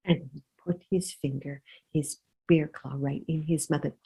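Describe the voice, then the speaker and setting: A woman storyteller narrating a children's story with an expressive, drawn-out delivery. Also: low-pitched, gravelly, breathy edge, dull audio.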